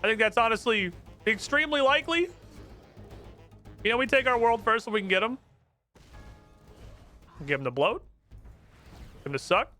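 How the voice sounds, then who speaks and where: A man's voice: extremely high pitch, animated, moderate pace, long pauses, pushed and bright. A young man streaming a fantasy game, joking and swearing casually as he plays. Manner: playful, profane, joking. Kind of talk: casual gameplay commentary. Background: game music.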